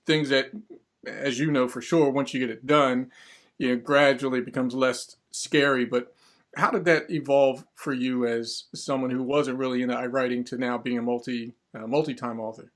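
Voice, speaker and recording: A man's voice: mid-range voice, fairly even intonation, normal speed, a bit bright. A man hosting an interview, affirming his guest and stammering over restarts as he frames his questions. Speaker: podcast host.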